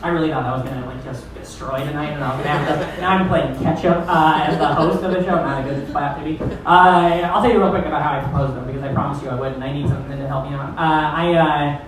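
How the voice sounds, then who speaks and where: Profane stand-up host in a roomy club. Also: male voice, on the high side, steady tone, fast talker, hardly any pauses, a crowd in the background. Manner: loose, profane, rambling storyteller. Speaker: comedy show host. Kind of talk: stand-up comedy. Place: comedy club stage. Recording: roomy, distant club recording.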